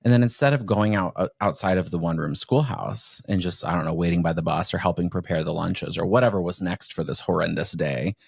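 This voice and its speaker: A man hosting a podcast, telling stories in a rambling, animated way over casual chat. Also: low-pitched, fairly quick, gravelly, hardly any pauses, husky, dry recording, studio quality. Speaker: podcast host.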